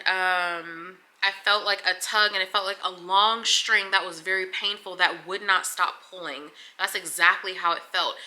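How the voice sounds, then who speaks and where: A woman's voice: medium pitch, bright, forceful tone. A young woman vlogger recounting a hard birth in a candid, emotional way, swearing freely and at times near tears. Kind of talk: casual confessional storytelling.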